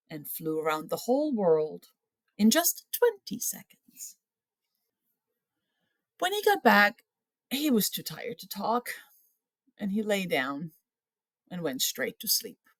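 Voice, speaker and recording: An older woman reads a picture book aloud to a grandchild. Her storytelling is measured and slow, and her pitch stays lively and expressive. The recording is dry and close. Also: no room sound.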